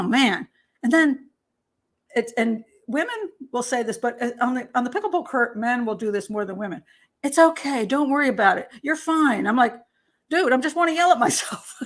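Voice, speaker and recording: Animated older American woman host. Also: on the high side. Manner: animated, laughing, acting out quoted voices. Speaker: host and criminal profiler. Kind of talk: casual talk show monologue.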